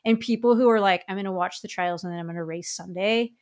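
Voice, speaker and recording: A woman co-hosts a podcast in a relaxed, conversational way. She backs up her partner with quick affirmations and then gives her own easy-going thoughts. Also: mid-range voice. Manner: supportive interviewer, frequent affirmations. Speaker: podcast co-host. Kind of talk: casual chat.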